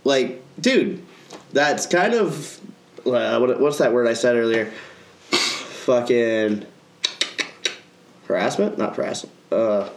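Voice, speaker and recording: A man's voice: mid-range voice, lively intonation, takes it slowly, long pauses, reverberant, a little hiss or hum. A man hosting a casual podcast, telling a story in a profane, ranting way. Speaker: podcast co-host.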